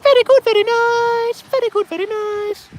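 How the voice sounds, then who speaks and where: A man putting on a squeaky comic falsetto voice, drawn out and sing-song. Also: fairly even intonation, moderate pace, poor audio. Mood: gleeful.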